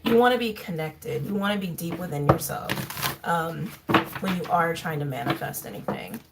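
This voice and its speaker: A woman giving a casual tarot reading to her viewers, talking in a chatty, musing way with fillers and soft laughs. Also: fairly low pitch, expressive, normal speed. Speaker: tarot reader. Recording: faint background noise and clicks.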